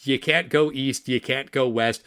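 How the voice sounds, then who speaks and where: A man's voice: mid-range voice, steady tone, a little slow, fairly bright tone, smooth, no echo. Impassioned male podcast co-host, profane and blunt, dry close recording. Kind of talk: casual film discussion.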